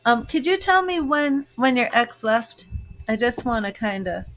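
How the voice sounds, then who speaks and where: A woman's voice: fairly high pitch, big pitch swings, measured pace, fairly bright tone. Woman psychic, live-stream host, reassuring and conversational. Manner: reassuring, chatty, answers viewer comments. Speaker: psychic reader. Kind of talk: live-stream tarot reading.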